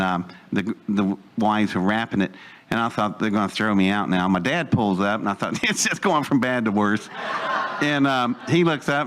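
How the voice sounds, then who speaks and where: A man's voice: mid-range voice, a bit bright. Picture an older man holding a room with a long personal story. He wanders off on tangents, backs up to fill gaps, and laughs at his own asides in an easy, unpolished telling. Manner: rambling, digressive, chuckling asides. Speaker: speaker telling a life story. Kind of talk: anecdotal storytelling to a live audience.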